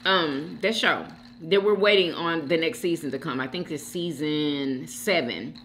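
A woman's voice: sits low, a little slow, slight background noise. A woman hosting a mukbang channel, chatting casually to her viewers while she eats and calling out to them often. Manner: animated, keeps addressing viewers as "y'all".

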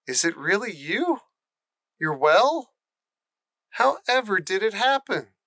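A man voicing a relieved middle-aged father in an audiobook, speaking gently and with wonder. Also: sits high, sing-song, slow, dry recording, clean studio sound, voice pushed up, exaggerated voice. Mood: astonished. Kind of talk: audiobook character reading.

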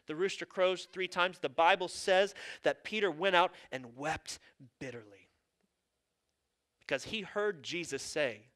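A man's voice: high-pitched, a little slow, fairly bright tone. A male pastor preaching a sermon in an earnest, conversational way, with casual asides.

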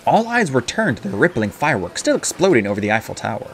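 A man narrating an audiobook with expressive storytelling. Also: mid-range voice, fast, hardly any pauses, slight background noise. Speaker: audiobook reader.

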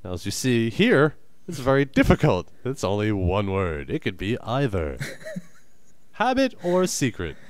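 A man's voice: mid-range voice, huge pitch swings, measured pace, no echo. A young man co-hosting a comedy podcast, bantering in a teasing, crude way. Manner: teasing and crude, trash-talking. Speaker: podcast co-host.

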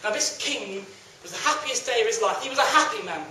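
A young man tells a folk tale in a lively, animated way, his voice high and bright. It bounces around a roomy hall and is picked up from a distance. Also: fairly quick, a little hiss or hum. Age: young adult. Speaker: storyteller. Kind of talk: live folk tale telling.

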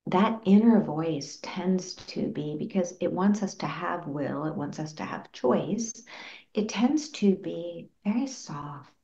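A woman psychologist answering interview questions in an earnest, gently explanatory way, acting out little quotes. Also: lowish voice, expressive, takes it slowly. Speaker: clinical psychologist guest. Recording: roomy, dull lo-fi sound.

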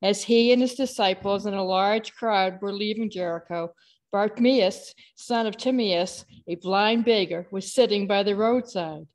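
A woman reads a gospel passage aloud during a worship service. Her delivery is steady and measured, at a middle pitch for a woman. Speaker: scripture reader. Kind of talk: reading scripture aloud.

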